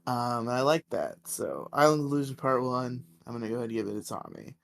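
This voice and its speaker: Podcast dude recapping a show, laughs a ton, does little voices, pretty middle pitch. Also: male voice, a little fast, gravelly. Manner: animated, laughs often, acts out characters' lines. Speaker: podcast co-host. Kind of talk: casual recap chat.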